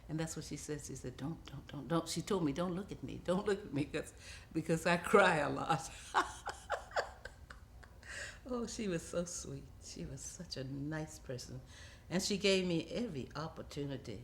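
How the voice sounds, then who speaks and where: A woman's voice: a bass voice, a little hiss or hum. Older woman telling stories with laughter. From United States. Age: 70s. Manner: animated storyteller, laughs often. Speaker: interviewee, film actress. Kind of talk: reminiscing interview.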